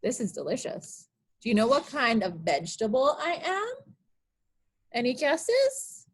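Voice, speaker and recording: A woman with a high, bright-pitched voice that leaps up and down as she reads picture books to small children. She is a children's librarian at an online storytime, coaxing them with sing-song guessing questions. Her delivery is unhurried. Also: wildly swooping pitch, breathy edge.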